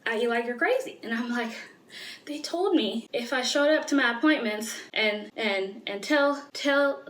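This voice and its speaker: A woman's voice: a little high, fairly bright tone. Young woman vlogging, earnest and candid, says like a lot, kinda roomy echo. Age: 20s. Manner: candid, earnest, frequent "like" fillers. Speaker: medical student. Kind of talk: personal vlog storytelling.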